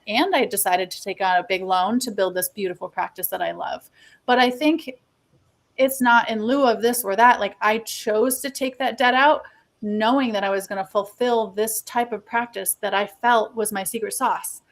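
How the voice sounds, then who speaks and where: Woman, dentist guest, candid conversational chat, middle pitch. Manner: candid, conversational, uses fillers like "you know". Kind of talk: casual interview chat.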